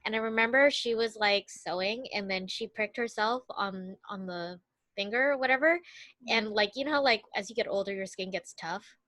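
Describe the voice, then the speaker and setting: A woman co-hosting a podcast, telling stories in expressive casual chat. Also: medium pitch, normal speed, no echo. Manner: expressive storytelling, rises sharply when excited. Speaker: podcast co-host.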